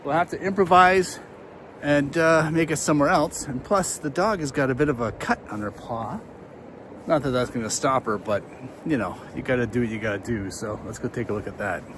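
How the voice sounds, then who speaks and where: Brisk and mid-range in voice, a middle-aged vlogger chats in a laid-back way to viewers while hiking a muddy trail through a windy forest. He's a bit out of breath, and there's background noise.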